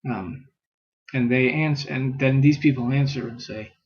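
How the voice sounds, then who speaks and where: Husky man teaching scripture casually. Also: mid-range voice, normal speed, highs cut off. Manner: thinking aloud with many fillers, reads passages aloud.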